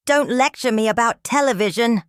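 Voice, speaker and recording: A woman's voice: very deep voice, steady tone, fast, no room sound, clean studio sound. A woman voicing an enraged male TV host who shrieks in cracking outbursts while reading a scripted story. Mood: furious.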